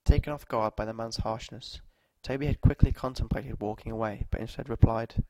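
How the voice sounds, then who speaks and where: A man narrating short stories aloud at a measured, steady pace. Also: fairly low pitch, no room sound.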